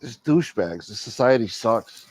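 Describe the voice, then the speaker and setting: A man hosting a casual talk show, swearing freely and telling stories with animated energy. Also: medium pitch, moderate pace. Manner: profane, animated storytelling. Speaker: host. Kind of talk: casual chat.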